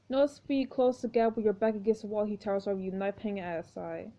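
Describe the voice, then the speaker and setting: A woman reading a story game aloud with expressive commentary, exclaiming at each turn. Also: mid-range voice, fast talker, hardly any pauses. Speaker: gameplay narrator. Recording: dull lo-fi recording.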